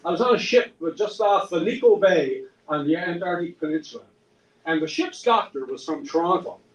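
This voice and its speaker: A man's voice: high voice, lively intonation, moderate pace, lo-fi sound. A man with a Newfoundland accent telling a rambling, self-mocking story at a pub event, full of restarts and dry humor. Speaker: singer-songwriter and storyteller. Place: pub room. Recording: echoey room, distant mic, faint noise.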